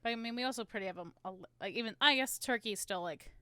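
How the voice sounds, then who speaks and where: A woman's voice: fairly high pitch, racing, pushed and bright, dry recording. A woman co-hosting a casual film chat show from home, playful and rambling, with frequent giggles. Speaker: podcast co-host.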